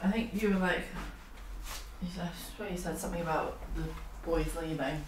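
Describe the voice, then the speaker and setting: A man's voice: a little high, fairly quick, background noise. A man chiming in off-mic during a livestream, teasing and reading out chat comments. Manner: teasing, chimes in from across the room. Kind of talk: casual off-mic banter. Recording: roomy, distant from the mic.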